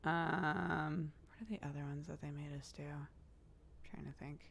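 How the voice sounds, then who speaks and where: Female streamer, casual live chat, playful and giggly, slightly low register. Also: fairly even intonation, moderate pace, gravelly, slight background noise. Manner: playful, laughs often, reciting tongue twisters.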